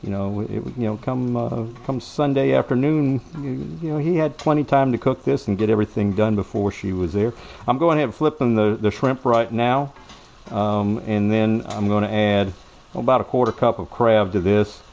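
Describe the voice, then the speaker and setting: A man's voice: medium pitch, moderate pace, vocal fry, a little mellow. Folksy, rambling man cooking. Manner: folksy, rambling, self-correcting. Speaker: home cook. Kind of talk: cooking demonstration with storytelling. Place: home kitchen.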